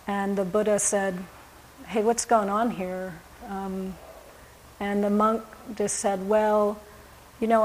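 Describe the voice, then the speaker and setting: A woman giving a Buddhist dharma talk, speaking in a gentle, reflective way with frequent pauses and fillers. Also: medium pitch, a little hiss or hum, low-quality recording. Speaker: Buddhist teacher.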